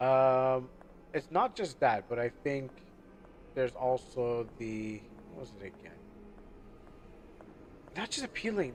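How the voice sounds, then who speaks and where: A man's voice: mid-range voice, a little mellow, a little hiss or hum. A man streaming a game live, chatting casually and rambling as he loses his train of thought. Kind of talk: casual live gameplay commentary.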